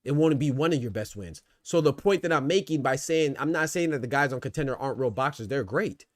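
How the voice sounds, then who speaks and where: A man's voice: medium pitch, animated, brisk, no room sound, studio quality. Argumentative man hosting a boxing livestream. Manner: argumentative, repeats phrases to drive a point. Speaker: boxing talk show host. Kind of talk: casual livestream commentary, reading chat.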